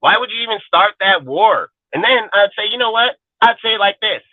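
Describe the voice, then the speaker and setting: Brief: man, higher-pitched voice, angry profane livestream rant, tinny phone-like sound, dry. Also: expressive, brisk, dry recording. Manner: profane, confrontational, taunting. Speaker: channel host.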